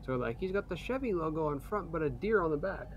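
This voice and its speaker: A man's voice: a little high, lively intonation, fast, highs cut off, a little hiss or hum. A man chatting casually while setting up a roleplay game, joking and laughing often. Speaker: roleplay streamer. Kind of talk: casual gaming chat.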